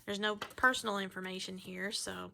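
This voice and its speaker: A woman's voice: medium pitch, level tone, moderate pace, gravelly, sharp tone, slight background noise. A middle-aged woman chatting casually as she unboxes a package of handmade soap, gushing and exclaiming over each item. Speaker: vlogger showing handmade soap mail.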